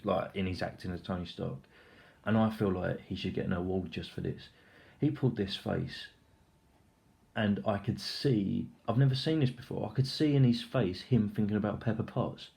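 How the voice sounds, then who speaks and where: A young man with a fairly low voice talks through a film in a loose, rambling review. He keeps throwing in filler words and casual swearing, and sounds wound up and excitable. It is an unscripted spoken review. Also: gravelly.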